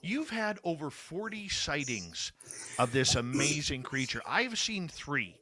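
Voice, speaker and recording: A man's voice: on the high side, very animated, measured pace, pushed and bright, no echo. A man hosting a casual radio interview, speaking in an effusive, emphatic way. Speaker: radio show host.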